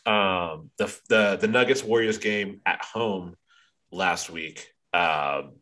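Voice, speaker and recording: A man with a very low voice talks through a casual sports podcast. He rants with plenty of profanity and trails off into ums between points, dragging out his gripes. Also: slow, sharp tone. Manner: profane, ranting, lots of ums. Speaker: podcast co-host.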